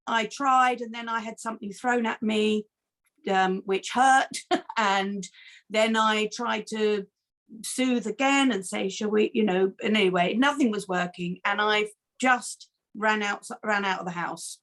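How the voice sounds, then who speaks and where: A middle-aged woman, a foster carer and campaigner, answering interview questions in an earnest, animated way, with many restarts. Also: medium pitch, a little slow.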